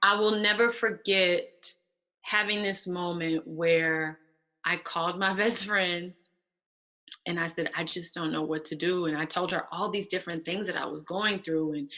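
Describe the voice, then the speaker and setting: With a fairly low, sharp-toned voice, a woman in her thirties shares her candid testimony as an interview guest, animatedly voicing the others in her story.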